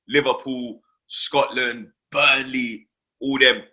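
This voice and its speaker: Bright, animated London man telling stories. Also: medium pitch, slow. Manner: swearing, slangy, animated storytelling with heavy filler tags. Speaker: host. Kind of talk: casual storytelling chat.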